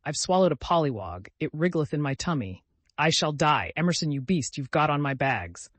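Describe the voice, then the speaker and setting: A boisterous young man, cheeky and full of mischief, answering back with a grin in his voice, as a male narrator plays him. He keeps up a lively, teasing banter. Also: fairly high pitch, moderate pace, no echo. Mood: cheeky playful. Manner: playful, cheeky.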